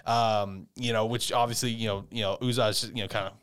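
A man's voice: fairly even intonation, a little fast, fairly bright tone, clean tone. Rambling, swearing man recapping anime. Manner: rambling, profane, acts out characters in squeaky high voices. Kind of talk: casual anime recap chat.

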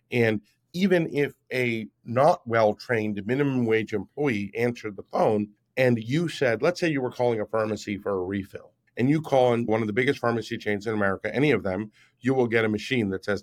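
A man's voice: medium pitch, moderate pace. Emphatic man in his fifties. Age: 50s. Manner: explanatory, emphatic, repeats "right?". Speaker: guest, app founder. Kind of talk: podcast interview.

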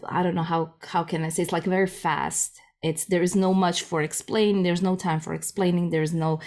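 A woman's voice: fairly low pitch, level tone, moderate pace, darkish tone. A woman who organizes improv jams, chatting as a podcast guest over a video call in a rambling, self-deprecating way with many restarts. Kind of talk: conversational interview.

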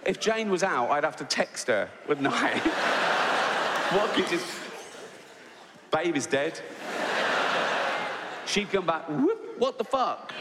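A man's voice: fairly high pitch, lively intonation, slow pace, pauses often, heavy background noise. A man doing a stand-up comedy set, crude and sardonic, acting out little scenes as he goes. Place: large theater with live audience. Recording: long hall reverb with loud audience laughter.

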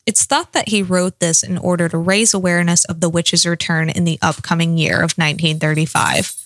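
A woman's voice: fairly low pitch, steady tone, brisk, dry recording. A woman co-hosting a podcast, speaking in a dry, matter-of-fact way. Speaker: podcast co-host. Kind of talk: casual chat, reading research notes.

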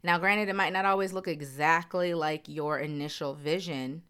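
A woman with a low, deep speaking voice talks straight to her viewers in a candid vlog. She is earnest and emphatic and repeats phrases to drive her point home. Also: fairly even intonation, moderate pace, bright, forceful tone, clear, resonant tone. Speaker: vlogger. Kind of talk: candid personal talk to viewers.

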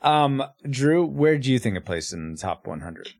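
A man hosting a casual podcast, playful and quick to laugh. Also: medium pitch, very animated, creaky, dry recording. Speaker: podcast host.

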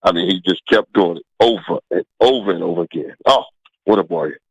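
A middle-aged man, a former football player, telling stories as a guest, lively and laughing with stammered restarts. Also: deep voice, fairly quick, creaky, husky, dry recording, low-quality recording. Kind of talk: animated storytelling.

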